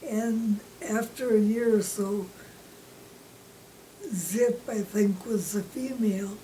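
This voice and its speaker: A woman tells old preschool stories at an unhurried pace, her voice mellow and gentle. Her sentences sometimes trail off almost to a whisper. She is recorded from a little distance with a faint hiss behind her. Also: mid-range voice, steady tone. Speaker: former preschool teacher, interviewee. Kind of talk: reminiscing interview. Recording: distant mic with faint background noise.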